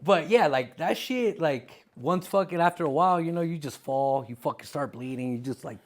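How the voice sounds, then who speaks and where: A man with a slightly raised pitch spins rowdy, foul-mouthed stories on a comedy podcast. He talks in an animated way, swearing constantly and breaking into laughs. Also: moderate pace. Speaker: podcast co-host. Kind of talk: crude comedic storytelling.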